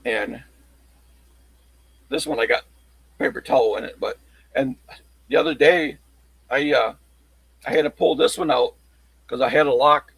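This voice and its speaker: A man chatting casually on a livestream, showing his locksport tools in a halting, rambling way. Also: medium pitch, gravelly, fairly bright tone, husky, dry recording, low-quality recording. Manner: halting, rambling show-and-tell.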